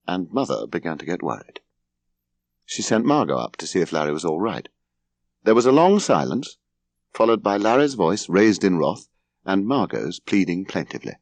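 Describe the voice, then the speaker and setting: A man narrating a comic memoir audiobook in a wry, expressive manner. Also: deep voice, dry recording. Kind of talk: scripted narration.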